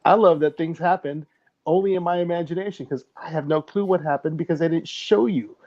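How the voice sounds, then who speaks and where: A man's voice: fairly high pitch, brisk, a little mellow. A man chatting enthusiastically and joking as a podcast co-host. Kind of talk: casual podcast chat. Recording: dull lo-fi sound.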